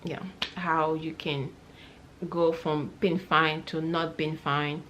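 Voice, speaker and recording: Heartfelt woman vlogger, lowish voice. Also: little pitch movement, takes it slowly, fairly bright tone, slight background noise. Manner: heartfelt, rambling with many fillers and restarts. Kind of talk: casual personal vlog story.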